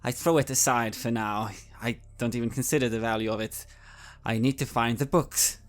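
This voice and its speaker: A man's voice: mid-range voice, fairly even intonation, moderate pace, soft background music. A man playing in a tabletop game, stating his character's actions plainly. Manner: plain, decisive statements of action. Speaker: player.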